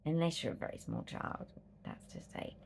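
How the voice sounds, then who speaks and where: A woman's voice: moderate pace, darkish tone, a little hiss or hum. A woman with an Australian accent talking in a rambling, philosophical, emphatic way in a personal vlog, weary after a hard night. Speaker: vlogger.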